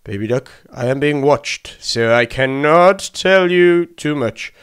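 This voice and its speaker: A man voicing a male pirate captain who speaks low, hushed and urgent, as if being watched. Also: animated, takes it slowly, clear, resonant tone.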